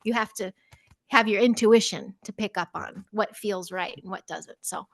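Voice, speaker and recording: A middle-aged woman and teacher, chatting as a podcast guest, telling lively stories and acting out children's voices with frequent laughter. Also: medium pitch, normal speed, dry recording. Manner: animated storyteller, acts out children's voices, laughs often. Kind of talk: casual interview chat.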